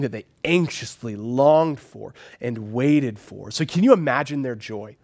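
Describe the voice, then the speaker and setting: Man, preacher, sermon, animated, voices in quotes, whispered emphasis. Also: medium pitch, a little slow, creaky, hardly any pauses. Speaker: pastor.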